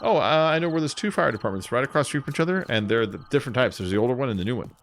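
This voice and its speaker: A man's voice: lively intonation, rapid-fire. A man chatting casually while playing a game, laughing as he retells comedy bits. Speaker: gameplay streamer. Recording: noisy with engine rumble.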